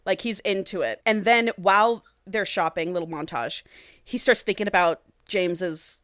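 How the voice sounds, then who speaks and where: A woman's voice: lowish voice, moderate pace, no room sound, clean studio sound. Cheeky woman podcaster recapping a book. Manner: breezy, animated retelling with quoted character lines; profane, cheeky. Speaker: podcast co-host. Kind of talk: casual chat recapping a romance novel.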